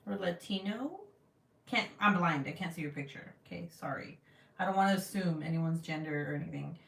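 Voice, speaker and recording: A woman's voice: sits low, fairly even intonation, fairly quick, fairly bright tone, recorded from a distance. Giggly woman chatting on a livestream. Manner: giggly, self-mocking, swears casually. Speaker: craft livestream host. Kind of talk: casual livestream chat reading comments. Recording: roomy sound, voice away from the mic.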